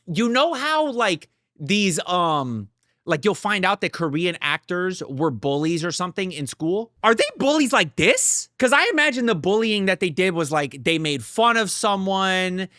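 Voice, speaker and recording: A man's voice: high voice, sharp tone, no echo, studio quality. A young man hosting a reaction video, talking casually, blunt and profane, often swearing and getting worked up. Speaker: reaction channel host.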